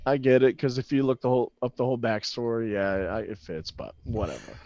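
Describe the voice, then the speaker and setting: A man's voice: medium pitch, brisk, warm tone, muffled recording, slight background noise. A man co-hosting a casual podcast, talking loosely and swearing, laughing often. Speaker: podcast co-host. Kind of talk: casual chat.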